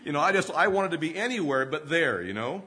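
A man's voice: a little high, very animated, a little fast, bright, forceful tone, breathy edge. A man in his fifties preaching a sermon, telling humorous self-deprecating stories and often laughing mid-sentence. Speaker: pastor.

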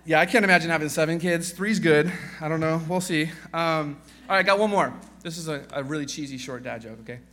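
A man in his thirties, a guest pastor, preaching a casual sermon full of jokes, fillers and restarts, quieter in prayer. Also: fairly high pitch, brisk, hardly any pauses, slight background noise.

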